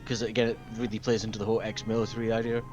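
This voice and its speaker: A man's voice: on the low side, flat delivery, rapid-fire, lo-fi sound, over music. A British man chatting casually and laughing often during a group building session. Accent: British English. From Britain. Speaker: host and builder. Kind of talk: casual gaming chat.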